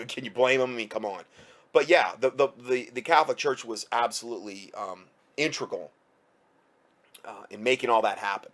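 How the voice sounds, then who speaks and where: A man reading out news reports and breaking in with sarcastic, heated commentary. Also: mid-range voice.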